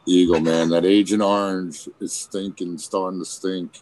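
A slangy man with a drawl in casual podcast chat. His voice sits very deep. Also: little pitch movement, moderate pace, darkish tone, slight background noise, low-quality recording. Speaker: podcast co-host.

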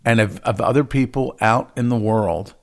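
Indignant, profane man ranting. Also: mid-range voice. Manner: indignant, profane, halting restarts. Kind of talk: casual ranting chat.

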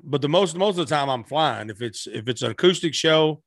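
A man's voice: fairly high pitch, animated, fairly quick, creaky, fairly bright tone, no room sound, studio quality. A middle-aged man telling stories as a guest musician in a casual interview, rambling with frequent restarts.

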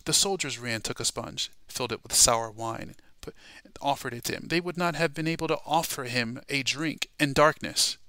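Forceful, gravelly man teaching scripture. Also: mid-range voice, dry recording. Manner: emphatic, asks "all right?" and "okay?" often; swings from quiet asides to loud stressed words. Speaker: Bible study teacher. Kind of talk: preaching Bible study lesson.

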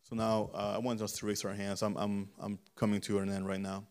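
Male preacher, strained voice, fervent repetitive cadence, slightly low pitch, sermon into prayer. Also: flat delivery, fairly quick, hardly any pauses, a little mellow. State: voice giving out. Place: church.

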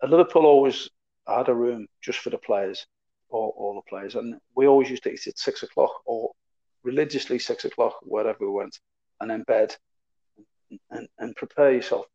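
A man's voice: medium pitch, normal speed, warm tone. Chatty man telling football stories. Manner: chatty, repeats words, trails off. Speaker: former footballer guest. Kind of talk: casual anecdotal storytelling. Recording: slightly dull lo-fi audio.

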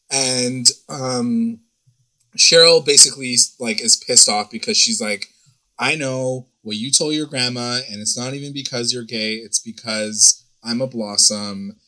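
A young man chatting casually as a co-host, retelling a TV episode in a rambling, animated way, full of fillers and little quoted voices. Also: mid-range voice, rough recording. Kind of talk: casual chat.

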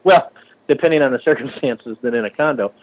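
Animated, profane man on lo-fi audio. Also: a little fast. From Minneapolis area. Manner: animated, profane, acts out other people's lines in a higher voice. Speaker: shop owner and bike builder. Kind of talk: casual podcast conversation.

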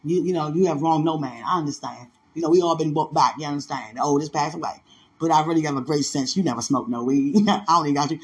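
High-voiced D.C. man telling stories. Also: fast. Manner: animated, laughs often, drops into other voices. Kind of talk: casual storytelling chat.

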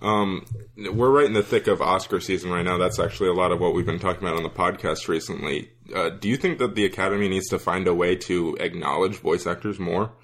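A man hosts a podcast, asking easygoing questions and filling in with short encouraging replies. His voice is very deep. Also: fast talker, a bit bright. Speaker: podcast host. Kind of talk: interview questions and brief backchannels.

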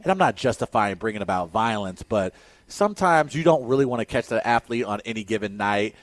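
A man's voice: on the low side, expressive, brisk, no room sound. A man hosting a casual sports talk show, reading news items aloud and then giving emphatic, opinionated takes.

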